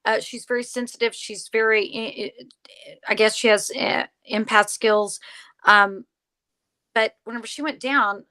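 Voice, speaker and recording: A woman guest telling a story in conversation, animated, acting out the lines of the people in it. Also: a little high, unhurried. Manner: animated, acts out quoted dialogue. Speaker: podcast guest, paranormal investigator.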